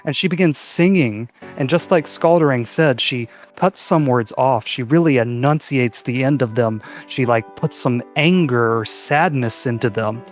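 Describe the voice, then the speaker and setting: A man's voice: mid-range voice, moderate pace, few pauses, soft background music. A man narrating vividly as game master of a tabletop game. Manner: vivid descriptive storytelling.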